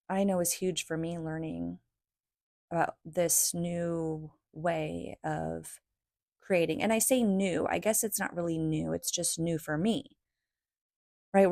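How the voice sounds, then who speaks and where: A woman's voice: lowish voice, darkish tone, dry recording, studio quality. A woman in her thirties hosting a solo podcast, talking in an earnest, chatty way about spirituality and rest, often tagging her sentences with "right?". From United States. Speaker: podcast host. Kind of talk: reflective solo talk on spirituality.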